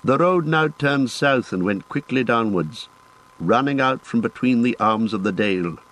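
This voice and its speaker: A man reading a fantasy novel aloud in a measured, descriptive narration. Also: mid-range voice, animated, fairly bright tone, low-quality recording. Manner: measured, descriptive reading with lifted phrase starts. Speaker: audiobook narrator.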